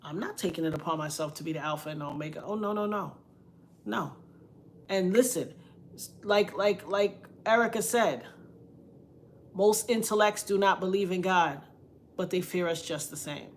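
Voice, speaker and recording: A woman's voice: on the low side, moderate pace, pauses often, slight background noise. Emphatic preachy middle-aged woman vlogger. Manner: emphatic, preachy, shifts into quoted voices. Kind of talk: casual commentary vlog.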